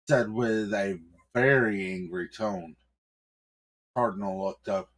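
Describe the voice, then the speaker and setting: A man's voice: lowish voice, takes it slowly, pauses often. A man improvising a story aloud, rambling with fillers and crude words.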